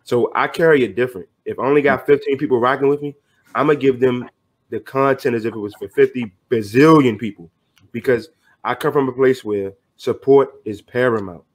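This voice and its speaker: A man's voice: medium pitch, fairly quick. A middle-aged man talking earnestly as a podcast guest, motivational and loose with slang. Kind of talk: casual podcast conversation.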